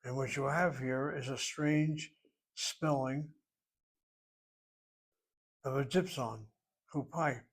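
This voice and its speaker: Man, Hebrew teacher, deliberate lecturing, thinks aloud, mid pitch. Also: fairly even intonation, noisy background. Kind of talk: classroom grammar lecture.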